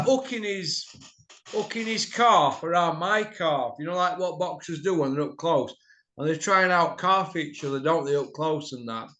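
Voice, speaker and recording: A middle-aged man telling a rowdy story in casual chat, mouthy and quick to laugh. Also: fairly high pitch, fairly bright tone. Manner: mouthy, laughs a lot, slips into quoted voices. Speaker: podcast host. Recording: echoey room.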